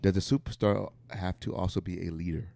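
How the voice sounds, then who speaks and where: Deep-voiced insistent male podcast co-host. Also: brisk, vocal fry, no room sound. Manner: firm, insistent, flatly disagrees. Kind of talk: casual chat.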